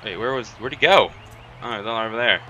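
A young man giving excited, trash-talking commentary while playing a video game, tossing "man" and "mate" into nearly every line. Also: fairly low pitch, a little fast, muffled recording, a little hiss or hum. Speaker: gamer. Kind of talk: live gameplay commentary.

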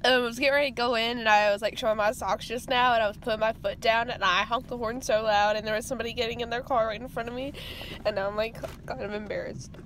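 A woman's voice: a little high, fairly even intonation, fast, a bit bright, slight background noise. A young woman vlogging casually in a rambling, chatty, self-deprecating way as she runs errands in the rain and in her car. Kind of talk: casual vlog chat.

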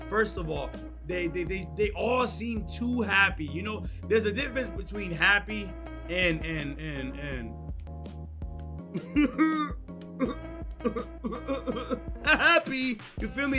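A young man commentating a game playthrough, joking and slangy with lots of reactions. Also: high voice. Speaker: gaming channel host. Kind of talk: let's play commentary.

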